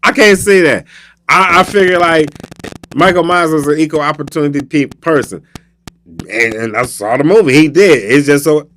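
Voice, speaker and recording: A man's voice: a little high, normal speed. A man with a Southern American accent hosting a radio show, telling a casual, comedic story and acting out scenes as he goes. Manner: animated storytelling, acts out scenes.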